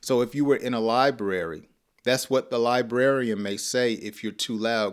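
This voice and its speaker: A man teaching a live-streamed English lesson, slowly repeating example phrases and now and then chuckling at his own examples. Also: medium pitch, clean tone.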